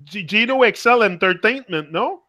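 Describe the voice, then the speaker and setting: Bright, dry-voiced man hosting a chat. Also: high-pitched, animated, dry recording. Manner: halting non-native phrasing, frequent fillers. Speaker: host. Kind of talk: casual conversation.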